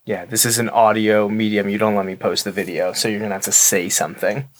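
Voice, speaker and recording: A man's voice: fairly low pitch, flat delivery, fast talker, slight background noise. Man hosting a podcast, carefully enunciated. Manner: dry, self-deprecating, enunciates carefully. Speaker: podcast co-host. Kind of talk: casual chat.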